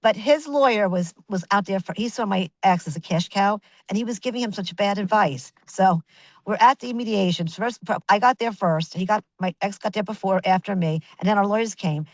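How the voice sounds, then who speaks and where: A woman in her fifties telling her story as a guest in an interview, animated and chatty, restarting sentences and acting out what others said. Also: mid-range voice, a little fast, no room sound, poor audio. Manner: animated, chatty, with many restarts and acted-out quotes.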